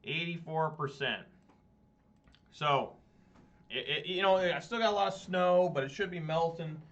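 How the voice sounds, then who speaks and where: A married adult man streams a card game over a dull lo-fi mic, rambling and poking fun at himself as he casually comments on his play. His voice sits high, moves at a normal speed, and has a fairly bright tone.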